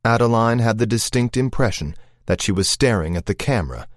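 A man reading a suspense novel aloud in a measured, tense manner. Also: medium pitch, animated, no echo, studio quality. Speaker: narrator. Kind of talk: audiobook thriller narration.

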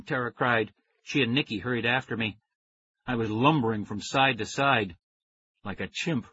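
A man reading a children's story aloud in first person, with expressive storytelling. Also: mid-range voice, moderate pace, breathy edge, dry recording. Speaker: audiobook reader. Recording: dry, dull lo-fi recording.

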